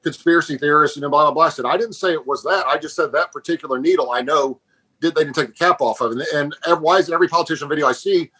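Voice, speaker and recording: A man's voice: on the high side, bright, forceful tone, husky, low-quality recording. A man co-hosting a podcast, telling blunt stories in casual chat and laughing at them. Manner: fast storytelling, blunt, laughs at his own stories. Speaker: podcast co-host.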